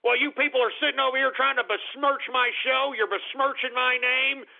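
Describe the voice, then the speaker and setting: A man's voice: very high-pitched, steady tone, fairly quick, vocal fry. A man hosting a call-in radio show, ranting profanely and sounding exasperated at his callers. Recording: tinny phone-like sound.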